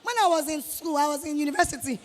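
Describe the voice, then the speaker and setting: Talking fast, a guest speaker with a Nigerian accent gives students a motivational lecture in a high, bright voice. She scolds them energetically and performs the voices of those she quotes, her words echoing through a large hall with a long reverb tail.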